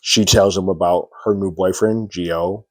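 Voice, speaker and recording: A man's voice: sits low, fairly even intonation, a little slow, dry recording. A man reviewing a TV episode in a casual, rambling recap full of "sort of" and "like". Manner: rambling, many "sort of" and "like" fillers.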